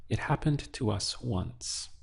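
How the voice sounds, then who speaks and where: A male teacher walks through a language lesson, slow and patient, pausing to quiz the listener. His voice sits low with a gravelly, husky edge. He speaks close to the mic. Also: lively intonation. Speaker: Spanish teacher.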